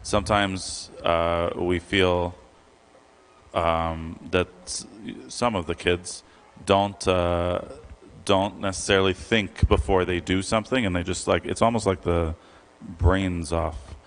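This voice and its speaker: A man in the audience asking a question haltingly, with many pauses and fillers. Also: sits low, steady tone.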